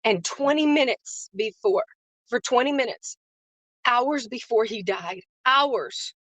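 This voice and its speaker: Slow-paced but lively in intonation, this woman's slightly high, somewhat bright voice comes through with no room sound. As a livestream host and faith-based business coach, she gives an earnest, emotional motivational talk, repeating phrases for emphasis and naming viewers as she greets them.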